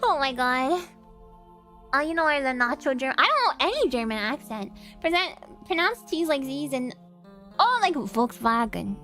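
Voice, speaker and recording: A woman's voice: sits high, very animated, moderate pace, sharp tone, soft background music. A young woman streamer, giggly and chatty, reading game dialogue and chatting casually. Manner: giggly and chatty, laughs often.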